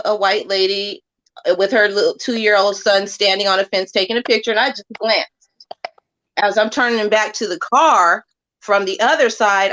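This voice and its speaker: A woman guest joins a podcast over a video call. She tells a personal story in a relaxed, easy way. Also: mid-range voice. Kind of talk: casual chat on a live video call.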